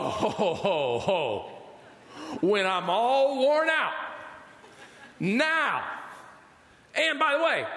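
Guy doing a giggly old lady, high voice, chuckling in disbelief, echoey hall. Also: bright, forceful tone, heavily acted. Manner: chuckling, incredulous. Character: elderly woman laughing in disbelief. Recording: reverberant hall.

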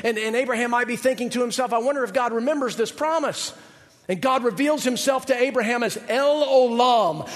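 Animated high-voiced preacher in a reverberant hall. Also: male voice, a little fast. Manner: animated preaching, acting out biblical figures with shifting pitch and volume. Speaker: pastor. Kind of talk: sermon.

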